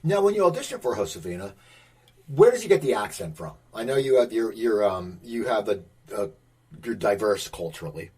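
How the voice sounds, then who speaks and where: Husky, lively man interviewing. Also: on the low side, a little fast. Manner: rambling, restarting questions. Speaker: podcast host, interviewer. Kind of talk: casual interview chat.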